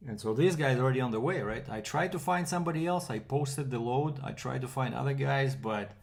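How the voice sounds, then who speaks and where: A man's voice: medium pitch, brisk, gravelly. A man from Canada, a freight broker, telling a rambling casual story with fillers and quoted back-and-forth.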